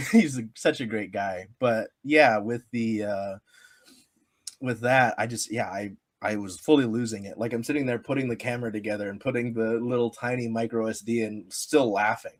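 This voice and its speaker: A man's voice: mid-range voice, normal speed. A man from the Pacific Northwest telling stories as a guest on a casual sports podcast, rambling with many fillers and laughing often. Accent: Pacific Northwest American. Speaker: sports media creator, guest. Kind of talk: casual podcast interview storytelling.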